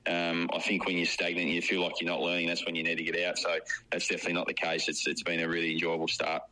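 An Australian man, a football assistant coach, answering radio interview questions in a relaxed way with frequent ums. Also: deep voice, fast talker, low-quality recording.

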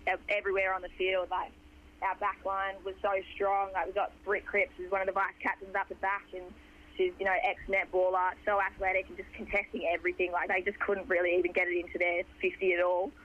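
A young Australian woman with a hoarse voice, a footballer chatting in a rambling way with lots of fillers during a phone interview. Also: medium pitch. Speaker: footballer guest. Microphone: phone line. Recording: dull phone line.

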